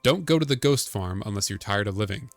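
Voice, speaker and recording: A man's voice: lowish voice, animated, fairly quick, no room sound, soft background music. A man doing a cranky old motel keeper. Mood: grumbling.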